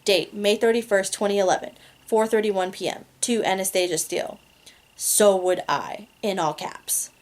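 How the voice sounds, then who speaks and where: A woman's voice: mid-range voice, fairly even intonation, normal speed. A woman reading a romance novel aloud in a casual amateur way, laughing at her own slips. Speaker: reader.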